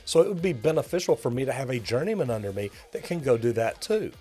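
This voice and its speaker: A man's voice: medium pitch, sing-song, quick pace, mellow, breathy edge, soft background music. A middle-aged man, a master plumber teaching the trade to viewers in an upbeat, direct coaching tone. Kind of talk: instructional video talk to viewers.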